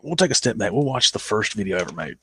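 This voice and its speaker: A man's voice: on the low side, big pitch swings, rapid-fire, bright, forceful tone, husky, no echo. A man with a Southern accent chatting casually as he looks back on his old videos, rambling and poking fun at himself. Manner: rambling and self-mocking, with many restarts. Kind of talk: casual chat.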